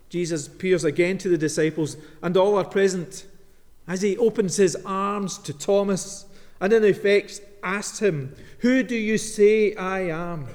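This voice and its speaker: A man preaching a sermon as minister, telling a story with dramatic pauses. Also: high voice, darkish tone. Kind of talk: sermon with Bible reading. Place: church. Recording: long reverb of a church.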